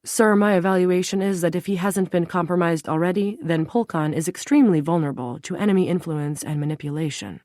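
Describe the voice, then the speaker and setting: A woman's voice: on the low side, fairly quick, hardly any pauses, a little mellow, no room sound, clean studio sound, lightly acted. A woman reading a formal male valet's report. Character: formal male Cuban White House valet.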